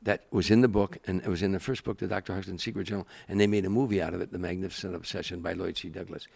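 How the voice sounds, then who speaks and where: This is an older man with a low, gravelly voice, guesting on an interview show. He tells long stories with plenty of life, slipping into the voices of the people he quotes and then easing back into his own easy, confiding tone. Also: very fast. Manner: animated storyteller, acts out quoted voices. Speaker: guest, comedian. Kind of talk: storytelling interview.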